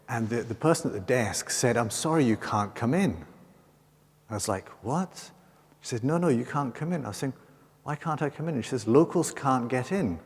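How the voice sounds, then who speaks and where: A Scottish priest preaching a homily with a somewhat low, husky voice. He tells his story casually, full of fillers and restarts. His words ring out with a long reverb through a large cathedral. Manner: rambling, self-correcting storytelling with frequent fillers. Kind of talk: homily at Mass.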